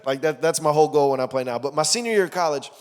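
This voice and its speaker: A young adult man preaching a sermon, telling a personal story in a lively way and acting out the voices he quotes. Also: on the high side, racing. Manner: animated storytelling, acts out quotes loudly. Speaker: pastor. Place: church auditorium. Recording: long reverb of a church hall.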